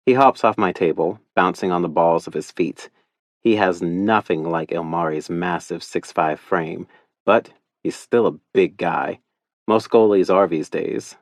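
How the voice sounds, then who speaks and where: A man reads a romance audiobook in the first person with a wry, easy storytelling manner. His voice sits very low and the studio sound is bone dry and close. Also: a little slow, dry recording. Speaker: audiobook narrator.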